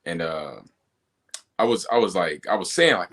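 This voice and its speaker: A man's voice: low voice, animated, normal speed, fairly bright tone. A man co-hosting a podcast, telling stories in a loose, rambling, laid-back way. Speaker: podcast co-host. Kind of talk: casual chat.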